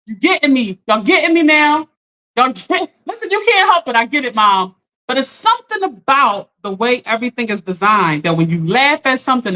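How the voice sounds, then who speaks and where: A woman life coach in casual live-stream chat, animated, laughing often and talking straight to her viewers. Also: medium pitch, low-quality recording.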